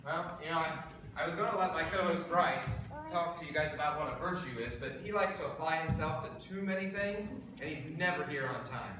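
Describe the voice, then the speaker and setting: A man hosting a children's church program, energetic and encouraging as he leads the kids along. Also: fairly high pitch, brisk, crowd noise. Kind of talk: upbeat kids' ministry hosting. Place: large hall. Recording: echoey hall from far off, with noise.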